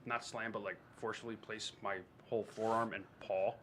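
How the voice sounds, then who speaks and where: Low-voiced man, hesitant tabletop player, faint hiss behind. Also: level tone, a little fast, fairly bright tone. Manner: hesitant, stammering. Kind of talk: casual tabletop play.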